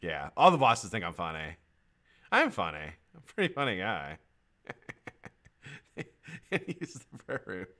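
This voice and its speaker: Bright, lively man chatting on a live stream. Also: sits low, slow pace, long pauses. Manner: profane, joking, laughs often. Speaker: livestream host. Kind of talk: casual live-stream chat.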